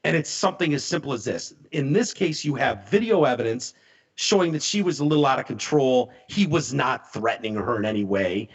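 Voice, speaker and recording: Speaking briskly at a medium pitch, this man co-hosts a casual podcast. He brings a story to life with animated delivery, performing the voices of each person in it.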